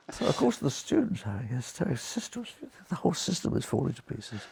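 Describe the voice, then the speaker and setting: A man's voice: on the high side, normal speed, creaky, husky. A British man in his nineties, a retired surgeon, telling anecdotes as an interview guest and acting out the voices in his stories. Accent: British English. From Britain. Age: 90s. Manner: lively raconteur, acts out quoted voices, chuckles.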